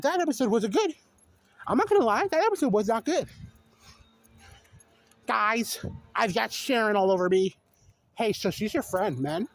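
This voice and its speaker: A young adult vlogger ranting off the cuff, exasperated and incredulous, firing off repeated questions and the odd swear word. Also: mid-range voice. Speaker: video creator. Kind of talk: unscripted rant to camera.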